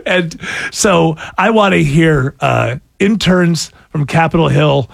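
A man's voice: a little high, slow, creaky, no room sound, studio quality. A man hosting a casual, sarcastic chat. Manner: sarcastic, mocking. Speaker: host.

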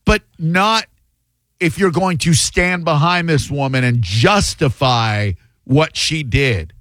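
A man hosting a call-in talk radio show, quick and wry, voicing firm opinions. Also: fairly high pitch, a bit bright, no echo. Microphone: studio microphone.

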